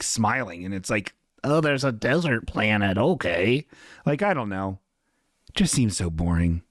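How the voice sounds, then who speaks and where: Animated swearing podcast host, lively pitch. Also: male voice, dry recording, clean studio sound. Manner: animated, swearing, jokey, puts on silly voices for chatters. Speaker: podcast host reading chat. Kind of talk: casual live-stream chat.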